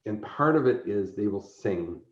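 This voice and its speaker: Here a man with a fairly low-pitched voice, speaking at normal speed, chats on a casual podcast about his work as a convention organizer. He brings his stories to life by acting out the characters. The sound is roomy and a bit dull.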